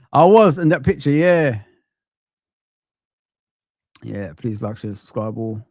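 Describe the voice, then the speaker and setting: Speaking slowly in an animated, slightly mellow mid-range voice, a man in his thirties or forties rants heatedly on a live football watch-along. He's sweary and keeps saying "man," and the clean studio audio has no room sound.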